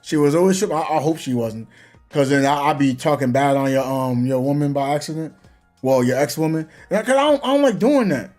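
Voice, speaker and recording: A man's voice: fairly high pitch, expressive, brisk, a little mellow, soft background music. A young man, chatting casually and animatedly about online gaming, laughing often and using slang. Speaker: gaming streamer. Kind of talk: casual chat.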